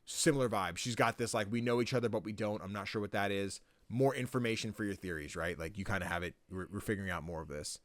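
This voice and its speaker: A man's voice: on the low side, fast talker, few pauses, no room sound. A man co-hosting a podcast, casually recapping a story game, rambling with lots of filler words and frequent swearing. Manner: rambling, swears freely, lots of likes and ums. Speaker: podcast co-host.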